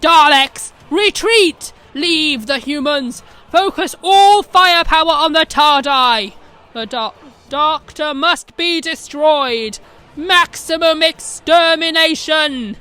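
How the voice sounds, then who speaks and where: A woman voicing a ranting male alien tyrant who barks slow, grinding commands. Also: mid-range voice, level tone, fairly bright tone. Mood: bellowing.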